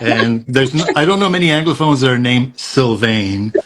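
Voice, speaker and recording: French Canadian man with animated laughter. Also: mid-range voice, moderate pace. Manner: animated, laughs often, storytelling. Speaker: actor guest. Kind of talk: casual live-stream chat. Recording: clear background noise.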